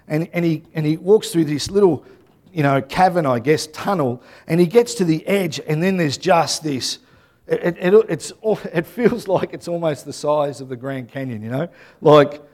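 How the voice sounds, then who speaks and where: Guy pastor preaching, chatty animated storytelling, keeps asking "yeah?". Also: a little high. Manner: animated storytelling, chatty asides and tag questions. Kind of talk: sermon.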